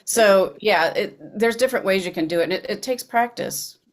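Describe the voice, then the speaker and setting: A woman voice actor co-hosting a webinar, chatting casually and explaining with quick asides over a video call. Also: mid-range voice. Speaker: voice actor and co-host.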